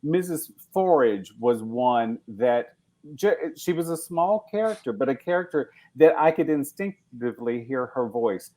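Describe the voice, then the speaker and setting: A man's voice: medium pitch, expressive, measured pace, mellow. A man hosting an interview podcast, asking questions in an earnest, admiring way. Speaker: podcast host. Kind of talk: interview conversation.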